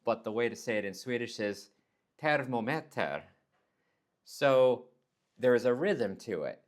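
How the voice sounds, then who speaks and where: A man's voice: medium pitch, normal speed, darkish tone. A man from Texas, talking casually in a vlog and acting out word pronunciations with exaggerated tones. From Texas, United States. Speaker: nurse vlogger.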